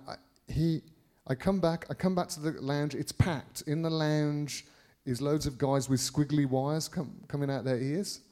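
A middle-aged Englishman preaching by telling a personal story, rambling with many restarts and sudden jumps in loudness. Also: on the high side. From England. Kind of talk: anecdotal preaching to a congregation.

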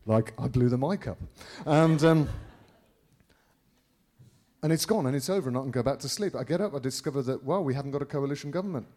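A middle-aged Englishman preaching by telling a personal story, rambling with many restarts and sudden jumps in loudness. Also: medium pitch, expressive, brisk. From England. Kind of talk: anecdotal preaching to a congregation.

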